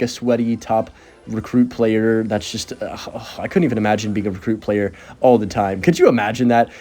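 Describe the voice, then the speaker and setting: Fast-talking young man commentating gameplay. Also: mid-range voice, dark tone. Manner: joking, sarcastic, chatty running commentary. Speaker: gaming content creator.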